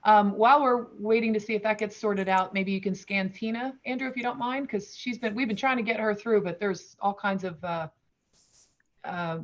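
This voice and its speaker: Woman, host, video call, chatty, apologetic, laughs often, mid pitch, muffled lo-fi audio. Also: moderate pace. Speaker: host of an online round table. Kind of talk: casual video-call chat.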